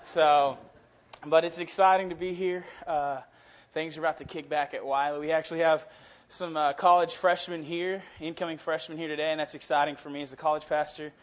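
Man, young, college pastor, energetic sermon, slightly high voice, muffled lo-fi recording. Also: fairly quick. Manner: energetic, enthusiastic, chatty. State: out of breath. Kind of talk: sermon with scripture reading. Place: church sanctuary. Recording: dull lo-fi sound.

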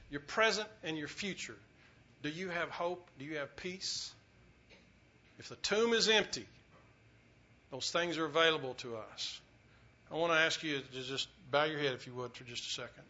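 A man preaching a sermon as pastor, telling a story earnestly, swelling loud and dropping quiet. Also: a little high. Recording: dull lo-fi recording.

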